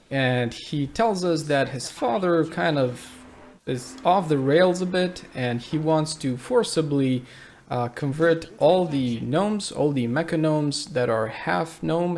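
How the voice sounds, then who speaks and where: A man's voice: on the high side, takes it slowly. A man hosting his gaming channel, talking casually with lots of hesitant "uh"s. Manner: relaxed, conversational, many filler "uh"s. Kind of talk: casual video commentary.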